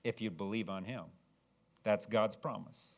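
Delivering a sermon at a measured pace with noticeable vocal fry, this man moves from low, earnest speech to loud, dramatic shouts that he acts out.

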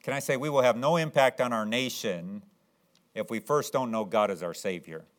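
A man preaching a sermon, telling an illustration story in an earnest, conversational way and rising sharply in pitch at excited moments. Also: normal speed.

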